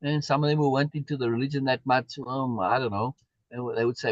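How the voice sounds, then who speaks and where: A man's voice: medium pitch, steady tone, fast, dry recording, highs cut off. A man hosting a live stream, talking in an emphatic way and repeating words for stress as he answers viewer comments. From South Africa. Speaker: livestream host.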